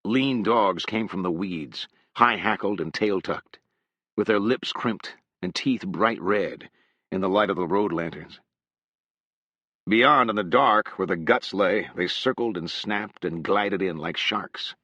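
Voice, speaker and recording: Low-voiced male audiobook narrator. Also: slow, sharp tone, no room sound, lo-fi sound.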